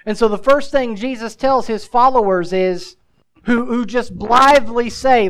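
A man's voice: extremely high pitch, a little slow, poor audio. A male pastor preaching a sermon. He mixes scripture with casual asides and presses the listener with emphatic rhetorical questions.

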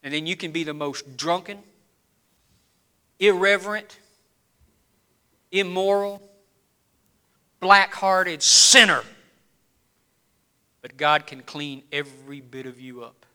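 A man preaching a sermon in a church, swinging between low, quiet lines and loud, rising appeals. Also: measured pace, long pauses, clean tone. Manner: preaching with rising and falling intensity, dropping low then building loud. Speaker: pastor.

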